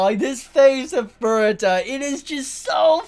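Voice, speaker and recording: A woman breaking down a manga chapter in casual, excitable talk, swearing a lot and laughing often. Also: normal speed. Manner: excitable, profane, laughing, gets loud and shrill when thrilled.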